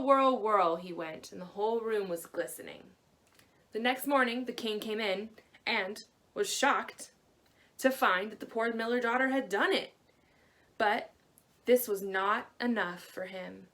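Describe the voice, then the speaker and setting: Expressive woman librarian telling a fairy tale. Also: medium pitch, a little slow. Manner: gentle, expressive storytelling. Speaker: librarian storyteller. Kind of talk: storytelling to children.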